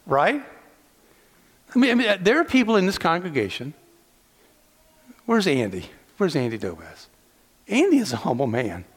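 A man's voice: a little high, huge pitch swings, normal speed, pauses often, breathy edge, long reverb tail. A man from the southeastern United States preaching a sermon to his congregation, mixing teasing asides with rhetorical questions. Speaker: pastor. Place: large church hall.

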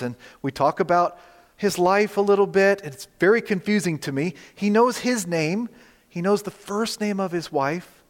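Male pastor, storytelling sermon, slightly high voice, long hall reverb. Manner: storytelling, conversational, animated in quoted dialogue. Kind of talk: sermon with slides.

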